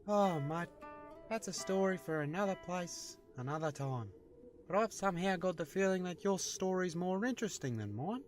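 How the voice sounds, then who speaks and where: A man with an Australian accent voicing a friendly, laid-back bushman drifter in an animated show, easygoing and casually swearing. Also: high-pitched, moderate pace, soft background music.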